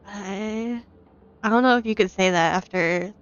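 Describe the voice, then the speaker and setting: A shy young woman in her twenties chatting hesitantly and softly on a game stream. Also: medium pitch, unhurried, clean tone. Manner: soft-spoken, shy and hesitant. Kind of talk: casual game stream chat. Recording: dull lo-fi mic audio. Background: faint game music.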